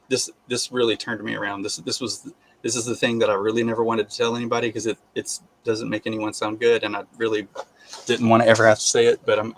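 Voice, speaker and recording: Halting, animated man telling his testimony. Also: fairly low pitch, a little hiss or hum. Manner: halting, full of restarts, bursts into animated laughter. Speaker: guest sharing testimony. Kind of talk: casual spoken testimony.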